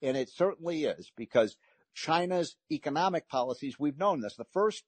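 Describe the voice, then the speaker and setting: A man's voice: a little high, animated, normal speed, breathy edge, dry recording. A man hosting a talk radio show, delivering an emphatic, frustrated political monologue with frequent restarts.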